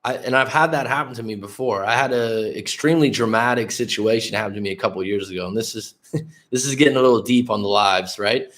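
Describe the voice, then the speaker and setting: Speaking fast in a lowish, fairly bright voice, a life coach host from the San Francisco Bay Area tells a story. He's in his late thirties, candid and conversational on a casual livestream, and swears a lot.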